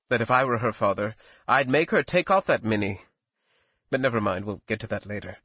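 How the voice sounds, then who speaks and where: A man's voice: medium pitch, fairly bright tone, no echo. Man narrating an audiobook, dry sound. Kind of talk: scripted first-person narration.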